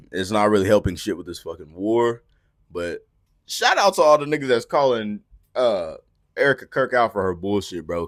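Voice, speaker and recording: A young adult man hosting a podcast, ranting profanely in a casual way and swinging between low mutters and loud outbursts. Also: no echo, studio quality. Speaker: podcast host. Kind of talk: unfiltered casual rant.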